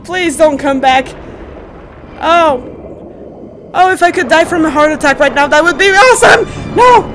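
High-pitched and recorded with heavy noise, a young gaming channel host screams, swears and laughs nervously while playing a VR game. It's let's play commentary.

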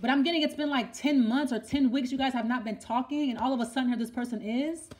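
A woman's voice: sits high, quick pace, a little mellow. A woman giving a tarot reading in a rambling monologue, thinking aloud, repeating herself and asking the cards questions. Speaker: tarot reader.

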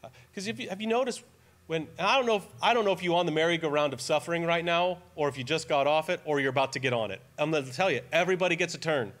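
Male pastor, 40s, sermon delivery; earnest, emphatic, slightly higher-pitched voice. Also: rapid-fire. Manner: earnest, emphatic, grows quiet and tearful when telling a personal story. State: near tears at times.

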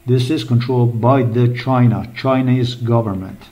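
A man's voice: mid-range voice, fairly even intonation, moderate pace, warm tone, dull audio. A man rambling through an agitated commentary while browsing, swearing often and repeating himself. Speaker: vlogger. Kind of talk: rambling screen-recorded commentary.

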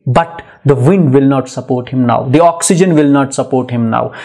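A man's voice: medium pitch, moderate pace, creaky, dark tone. A man giving a poetry lecture in an emphatic, repetitive style full of rhetorical questions. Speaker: literature lecturer. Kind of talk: poetry lecture mixing English and Hindi.

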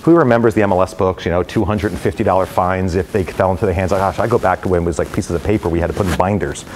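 A middle-aged man tells stories to a room of brokers in an energetic, rambling way, full of fillers. His voice sits very low and he talks fast. A faint hiss runs under the talk. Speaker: real estate executive speaking to brokers. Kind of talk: casual talk to a live audience. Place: company headquarters event space.

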